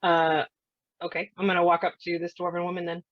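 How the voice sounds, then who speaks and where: Tentative, upbeat woman player, lowish voice, dull lo-fi mic. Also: level tone, a little fast, no room sound. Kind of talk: casual chat in a tabletop game.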